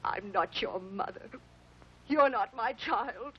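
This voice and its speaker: A woman's voice: medium pitch, takes it slowly, natural voice. An actress playing a distraught mother who has lost her child, in an older TV drama style. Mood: anguished. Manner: anguished, sobbing outbursts. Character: grieving mother, distraught and unhinged. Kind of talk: 1950s-60s TV drama acting. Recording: dull lo-fi old TV soundtrack, faint hiss.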